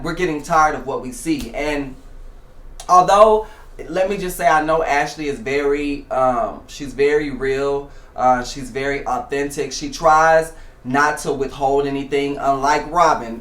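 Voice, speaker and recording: A man's voice: on the high side, fairly bright tone. A man hosting a show, giving casual reality TV commentary in a chatty way, with many fillers and restarts. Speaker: show host. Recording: echoey room.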